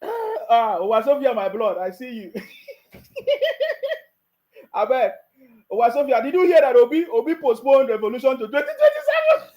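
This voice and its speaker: A man's voice: extremely high pitch, sing-song, normal speed, long pauses, darkish tone, low-quality recording. A Nigerian man giving mocking political commentary, laughing often and repeating his taunts.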